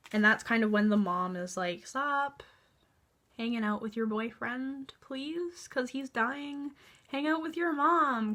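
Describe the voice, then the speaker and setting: Bright sarcastic young woman reviewer. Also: mid-range voice. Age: young adult. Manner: sarcastic, exasperated, swearing; chatty, lots of fillers. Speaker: book reviewer. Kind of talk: casual vlog review.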